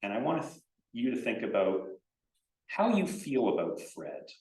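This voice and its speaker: A man giving a conference writing workshop in a casual, animated way, acting out example sentences. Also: medium pitch, a little slow, gravelly. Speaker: workshop presenter. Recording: echoey room, distant from mic.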